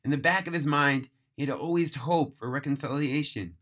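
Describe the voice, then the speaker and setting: Bright-voiced man reading a story dramatically. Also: fairly high pitch. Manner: earnest, emphatic, slowing on key phrases. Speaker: narrator. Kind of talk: dramatic storytelling read-aloud.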